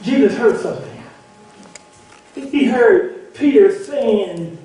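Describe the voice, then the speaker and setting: Man preaching a sermon, high voice, heard from across an echoing church hall. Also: measured pace. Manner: call-and-response preaching, repeats words, builds to shouts. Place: church sanctuary. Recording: echoey church hall from far off.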